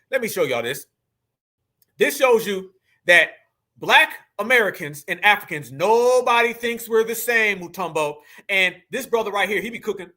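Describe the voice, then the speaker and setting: A man with a high, ringing voice hosts a reaction commentary to his viewers. He talks emphatically and preaches, full of slang, calling the audience family. His tone stays bright and forceful. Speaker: commentary host.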